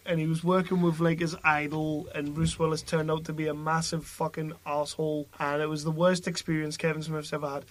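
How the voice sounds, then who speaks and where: A man's voice: on the high side, little pitch movement, brisk, hardly any pauses. A man hosting a podcast in casual, sweary, jokey chat. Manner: sweary, jokey, puts on dodgy accents. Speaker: podcast host.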